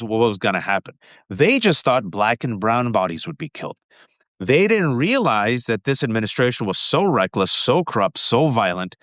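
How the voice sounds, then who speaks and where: A man hosting a political livestream, talking fast and emphatically, often repeating his points. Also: medium pitch, a bit bright, no room sound, clean studio sound.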